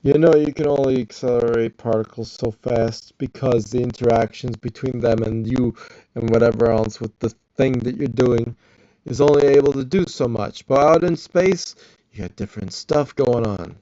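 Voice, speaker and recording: A man rambles through his own theories aloud, talking back at a video as he goes. His voice sits at an ordinary middle pitch, close and dry, with a slightly dull, lo-fi sound. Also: normal speed, dark tone, no echo. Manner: rambling, thinking aloud, mutters to himself. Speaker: reacting vlogger. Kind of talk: arguing back at a science video.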